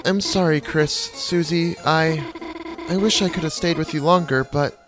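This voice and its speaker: A player voicing a shy, gentle young reindeer girl from a game, timid and stammering. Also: medium pitch, normal speed, music in the background, voice pushed up, close to an everyday voice. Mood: distressed.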